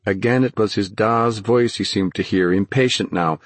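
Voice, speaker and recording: A man narrating a fantasy audiobook in a measured, dramatic storytelling manner. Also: on the low side, dry recording.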